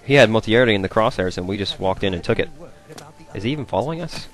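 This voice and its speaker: Young man, low voice, casual let's play commentary, rambling, excitable, soft game music behind. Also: quick pace. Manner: chatty, rambling, easily excited. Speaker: gameplay commentator.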